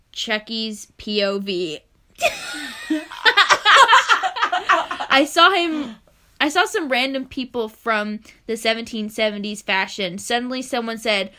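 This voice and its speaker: A young woman co-hosting a podcast reads fan fiction aloud and often breaks into giggles. Her voice is a little high with a sharp tone.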